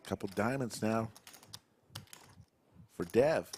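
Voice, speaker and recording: A man's voice: on the low side, takes it slowly, darkish tone, a little hiss or hum. A man doing live poker commentary, playfully telling stories about the players at the table.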